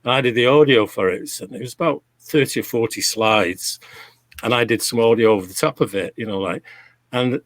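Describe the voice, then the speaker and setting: A middle-aged man with a Canadian accent talks casually about his DJ days, looping back and restarting his sentences. His voice sits at an ordinary pitch with a dry, close sound, as on a video call. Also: a little fast, no echo. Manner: rambling, reminiscing, frequent restarts. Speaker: DJ guest. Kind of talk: casual chat.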